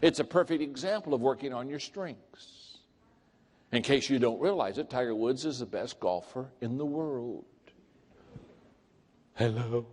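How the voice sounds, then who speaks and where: A man giving a humorous motivational talk, telling jokes and acting out quotes in a higher voice. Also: darkish tone. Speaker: speaker. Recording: long hall reverb.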